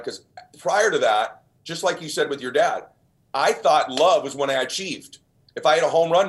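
A man with a deep voice, a guest on a podcast, telling stories in an emphatic, earnest way. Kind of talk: storytelling in an interview.

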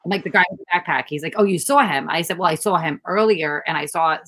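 A woman's voice: sits low, fast, no echo, rough recording. A woman chatting casually, telling stories animatedly and acting out what people said. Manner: animated storytelling, acts out quotes. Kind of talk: casual chat.

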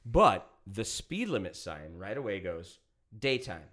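A man's voice: fairly low pitch, unhurried. A man in his thirties hosting a podcast, telling a long story in a casual, profane way and acting out the people in it. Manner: profane, animated, acts out quotes. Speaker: podcast host.

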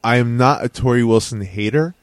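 A man co-hosting a podcast in casual chat, animated and quick to defend himself. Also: mid-range voice, no room sound. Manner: animated, defensive, laughs often. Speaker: podcast co-host.

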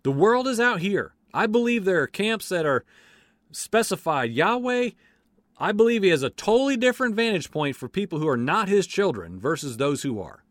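Male preacher, fervent and emphatic, voice sitting somewhat high and swinging widely, dry close sound. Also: sing-song, moderate pace, dry recording. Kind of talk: impassioned sermon.

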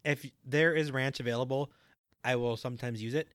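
Calm young man, dry close mic. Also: mid-range voice, a little fast, no echo. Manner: calm, matter-of-fact reasoning. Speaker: podcast co-host. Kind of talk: casual chat.

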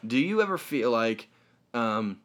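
Guy rambling on a podcast, chatty and jokey, medium pitch, casual back and forth. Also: sing-song, measured pace, a bit bright. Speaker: podcast co-host.

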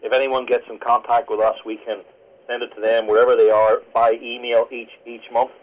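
A man from Northern Ireland, a pastor, speaking as a radio interview guest in a fast, earnest teaching manner. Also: medium pitch, flat delivery. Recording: lo-fi radio broadcast.

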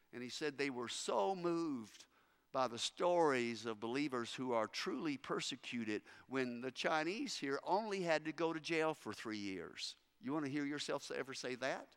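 Bright-voiced man telling a sermon story. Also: mid-range voice, smooth. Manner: folksy, emphatic, repeats words when starting. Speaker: missionary speaker.

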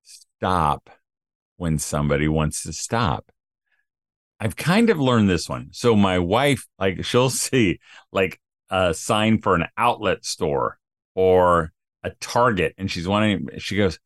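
A man's voice: deep voice, expressive, measured pace, no echo, studio quality. A middle-aged man co-hosting a casual podcast, telling rambling stories and acting out the people he quotes. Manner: rambling storyteller, acts out quotes. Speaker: podcast co-host. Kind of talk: casual chat.

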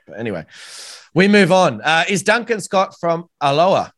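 An Australian man hosting a podcast, chatting casually and warmly with a guest, calling him mate and laughing easily. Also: a little high, animated, a little fast, no room sound. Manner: friendly, says "mate" often, laughs easily. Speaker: podcast host. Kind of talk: casual interview chat.

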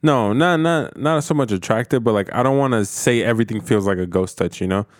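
A man's voice: medium pitch, brisk, dry recording, clean studio sound. A man in casual, profane chat, rambling through stories with lots of fillers.

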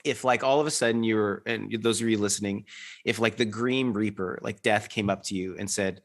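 A man's voice: lowish voice, fairly even intonation, fast, a bit bright. A man in his thirties talking in an earnest, rambling way, full of restarts and fillers, as a guest in a reflective conversation.

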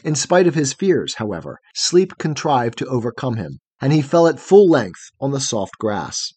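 Expressive male storybook narrator, husky. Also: mid-range voice, normal speed, dry recording. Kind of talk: storybook reading.

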